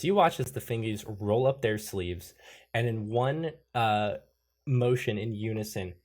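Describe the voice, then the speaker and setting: A man running a tabletop role-playing game as game master. He narrates loosely, swears, laughs, and breaks into sudden voices for the characters. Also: fairly low pitch.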